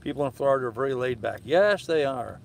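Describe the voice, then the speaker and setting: A man's voice: medium pitch, animated, quick pace, gravelly, a little hiss or hum, rough recording. Easygoing older man on a boat. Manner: easygoing, rambling, with many fillers and restarts. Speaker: sailing vlog host. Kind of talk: live-stream chat, reading and answering viewer comments. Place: aboard a moored sailboat in a harbor, outdoors at evening.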